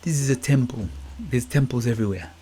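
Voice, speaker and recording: Talking a little fast in a dark, medium-pitched voice, this middle-aged Guyanese man hosts a podcast in England. His Guyanese Caribbean accent carries a musing, motivational monologue where he repeats words and asks "you get me?".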